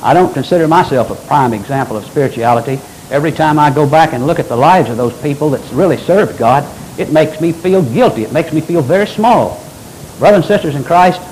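An older man preaching a sermon as pastor, with animated delivery and folksy asides. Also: on the high side, slight background noise, low-quality recording.

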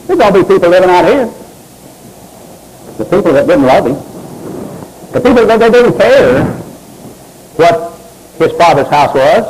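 A man's voice: high voice, darkish tone, a little hiss or hum, low-quality recording. A man preaching a sermon in a church, reading scripture aloud and calling on members of the congregation by name. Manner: preaching with swooping emphasis, addresses congregants by name. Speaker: pastor.

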